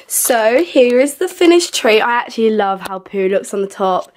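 A young woman vlogging at home in her bedroom, filming herself on a handheld camera. She talks quickly and chattily, rambling along and sounding a little out of breath. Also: fairly high pitch, animated. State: slightly out of breath. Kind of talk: casual vlog chat.

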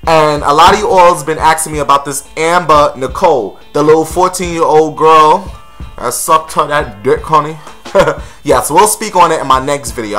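A man's voice: on the high side, sharp tone. A man hosting a casual gossip vlog, sassy and blunt, calling his viewers honey and girl.

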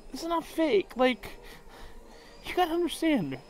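A man's voice: very high-pitched, sing-song, unhurried, a little hiss or hum. A drunk man vlogging aboard a cruise ship, rambling emotionally and swearing often. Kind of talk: casual vlog monologue.

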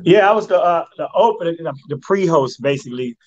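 A man's voice: a little high, animated, a little fast, a little mellow, no room sound, lo-fi sound. A male comedian telling stories in a laid-back, casual way as a guest on a radio talk show. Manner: laid-back storyteller who slips into mock voices.

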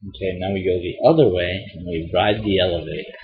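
A young let's-play host from Illinois gives rambling, casual commentary while playing a video game, swearing and groaning at his mistakes. He has a low voice and talks fairly quickly, picked up by a dull lo-fi mic.

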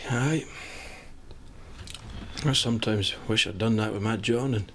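An actor playing a gentle, reflective older Scottish pensioner in a sitcom. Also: male voice, fairly low pitch, slow pace, a little hiss or hum.

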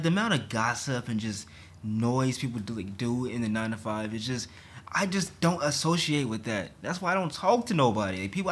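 A young man vlogging a frustrated, animated rant about his job, stumbling and restarting as he talks. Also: medium pitch, slightly rough. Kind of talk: ranting to camera.

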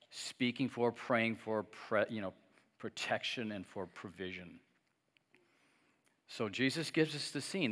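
A man's voice: mid-range voice, fairly bright tone. A middle-aged man preaching a sermon as pastor, talking conversationally, joking now and then and having the congregation repeat after him. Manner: joking asides with light laughs. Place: church sanctuary. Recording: long reverb of a church hall.

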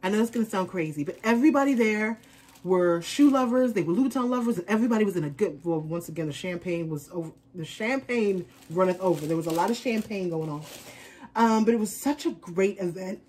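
A woman's voice: mid-range voice, lively intonation, a little fast, a little mellow, slightly rough. A woman chatting casually in an unboxing vlog, rambling on as a fashion vlogger.

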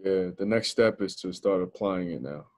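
A man's voice: deep voice, normal speed, no echo. A man chatting casually at a Bible study, laid-back and jokey with slang.

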